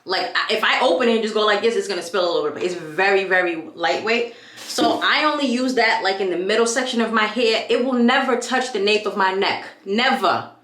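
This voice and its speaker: A woman's voice: mid-range voice, fairly quick, fairly bright tone, echoey room. A young woman from New York chatting casually as a vlogger while she does her hair, hyped and full of tangents. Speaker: beauty vlogger.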